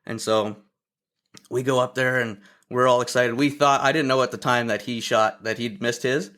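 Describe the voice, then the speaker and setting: A man from Ontario speaking over a video call at a middling pitch. He tells hunting stories in a relaxed, chatty way. He slips into the voices of the people he is quoting. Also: normal speed. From Ontario, Canada. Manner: lively storyteller who acts out other people's quotes. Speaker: podcast guest. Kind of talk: casual hunting storytelling.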